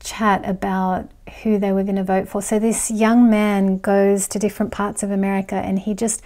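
A woman's voice: medium pitch, level tone, moderate pace, warm tone. A middle-aged woman vlogger chatting casually as she reads viewer comments, rambling with fillers and laughs. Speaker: astrology vlogger.

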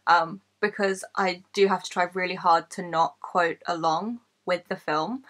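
A YouTuber from Kent, England, in her late twenties, chats to camera and lists facts about herself with an English accent. She's candid and self-mocking and swears freely. Her voice has a medium pitch and a fairly bright tone.

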